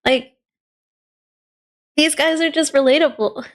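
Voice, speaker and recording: A young woman in her twenties chats casually and easily, with a giggly manner. Her voice is very high and her talk is slow and unhurried. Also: steady tone. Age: 20s. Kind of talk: casual chat.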